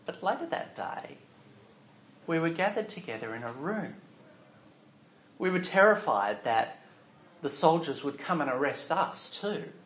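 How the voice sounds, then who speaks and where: A man telling a Bible story as a first-person dramatic monologue, going from hushed to loud. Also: fairly high pitch, very animated, measured pace, pauses often. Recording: echoey room.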